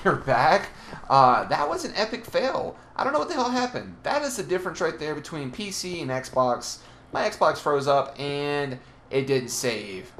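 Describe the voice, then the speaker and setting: This young gaming channel host has a voice on the high side, with a little hiss or hum behind it. He narrates his Let's Play animatedly, cursing and taunting the monsters as he goes.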